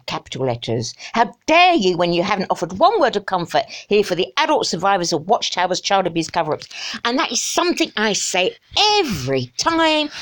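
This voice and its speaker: A middle-aged woman delivering an emotional, exasperated rant to camera, with sighs and mocking asides. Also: mid-range voice. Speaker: vlogger.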